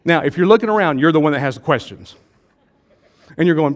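Playful joking pastor. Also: male voice, fairly high pitch, big pitch swings, fast talker. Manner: playful, jokey, acts out voices of the crowd. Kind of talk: casual conversational preaching.

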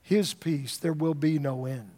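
A man's voice: fairly high pitch, a little slow, mellow. A middle-aged man, a pastor, preaching a sermon in a conversational storytelling way, often repeating words as he starts a thought.

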